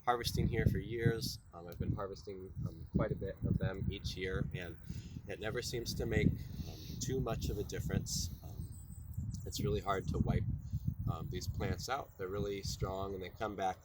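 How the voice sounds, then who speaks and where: A man's voice: sits low, steady tone, normal speed, heavy background noise. A man presenting a tutorial outdoors at a plant patch, explaining step by step in an easygoing way. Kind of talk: casual outdoor teaching.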